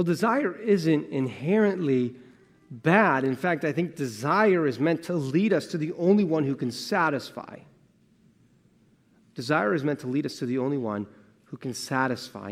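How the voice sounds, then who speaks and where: A man preaching a sermon as pastor, earnest and conversational, moving between emphatic lines and hushed asides and posing rhetorical questions. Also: on the high side. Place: church sanctuary. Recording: long church reverb.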